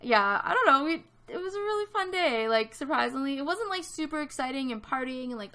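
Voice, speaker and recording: Bright-voiced chatty woman in her twenties. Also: high voice, animated, a little fast. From Canada. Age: 20s. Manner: chatty storytelling, lots of fillers. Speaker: gaming vlogger. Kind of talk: casual chat over a speed build.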